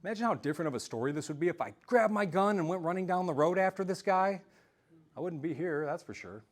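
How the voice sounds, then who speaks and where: Man, storytelling to a live crowd, animated, self-deprecating, slightly high voice. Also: fast talker. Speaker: speaker giving a self-defense talk. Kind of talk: storytelling talk to a live audience.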